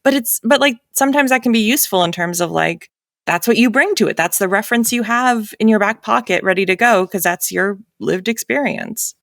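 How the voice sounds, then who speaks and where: A woman's voice: mid-range voice, brisk, a bit bright, no room sound, studio quality. A woman audiobook narrator from New England with a light New England accent, chatting casually on a panel with many fillers and frequent laughs.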